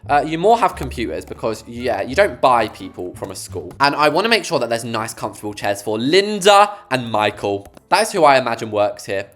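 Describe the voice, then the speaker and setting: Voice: mid-range voice, a bit bright. English youtuber chatting over a build, voice bouncing up and down, little jokes thrown in. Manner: chatty, playful asides. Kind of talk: casual gameplay voice-over.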